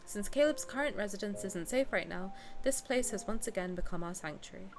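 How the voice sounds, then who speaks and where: A woman's voice: medium pitch, expressive, fairly quick. A woman in her twenties, a streamer, reads game text aloud and chats bluntly and playfully with her viewers. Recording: game music playing behind.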